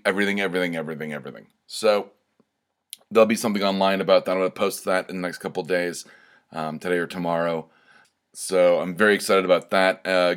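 A man with a fairly low voice hosts his own podcast alone. He talks casually, rambling through stories and updates with plenty of fillers, restarts and the odd swear word. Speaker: podcast host. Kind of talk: casual solo podcast chat.

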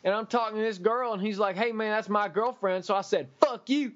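A man's voice: sits high, a little fast, fairly bright tone, voice pushed up. A man voicing his rowdy, reckless, drunk ex-coworker, crude and swaggering, in a dull lo-fi recording.

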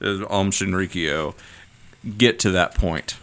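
A man's voice: low voice, slow pace, fairly bright tone, clear, resonant tone. A man co-hosting a podcast in casual chat, making wry joking asides. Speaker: podcast co-host.

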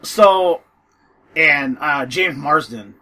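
A man's voice: fairly high pitch, very slow, sharp tone. A man co-hosting a podcast, chatting casually about books and wandering off track as he talks. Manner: rambling, loses his train of thought. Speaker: podcast co-host.

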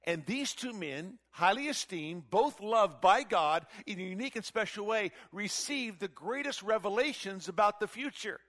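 A man preaching a sermon, animated and emphatic, with frequent rhetorical questions. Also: sits high, moderate pace, few pauses.

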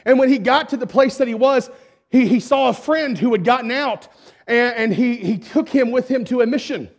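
A man with a high voice preaches in a storytelling style. He is emphatic, sometimes building up loud and sometimes dropping to a hush. His delivery moves freely through the sermon. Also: moderate pace. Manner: emphatic, with wide swings between loud and hushed.

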